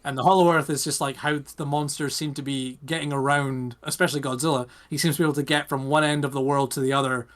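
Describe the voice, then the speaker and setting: A man's voice: mid-range voice, steady tone, quick pace, hardly any pauses, fairly bright tone. A young British man co-hosting a podcast, rambling in casual chat and firing off rhetorical questions. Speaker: podcast co-host.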